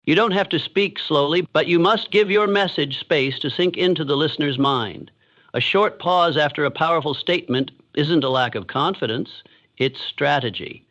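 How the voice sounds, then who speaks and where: A man giving a scripted motivational narration in a measured, deliberate way with pauses. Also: on the high side, fairly bright tone. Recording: dull lo-fi sound.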